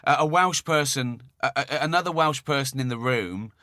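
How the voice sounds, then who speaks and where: A man's voice: mid-range voice, moderate pace, pushed and bright, no echo, studio quality. A man hosting a casual chat, reacting with amused interjections.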